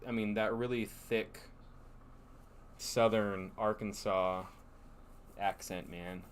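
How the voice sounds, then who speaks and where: A man's voice: fairly low pitch, fairly even intonation, slow, a little hiss or hum. A man co-hosting a casual live stream from home, chatty and teasing. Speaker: co-host.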